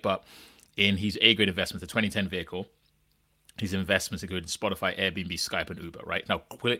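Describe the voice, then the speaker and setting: A man's voice: low voice, sharp tone, no echo, clean studio sound. A man hosting a podcast, talking in a rambling, questioning way with lots of restarts and "right?" tags. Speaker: podcast host. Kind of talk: casual chat.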